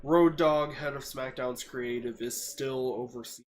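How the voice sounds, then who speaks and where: A young man co-hosting a casual podcast, giving steady, knowledgeable commentary. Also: medium pitch, measured pace, a little hiss or hum. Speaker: podcast co-host. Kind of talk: casual chat.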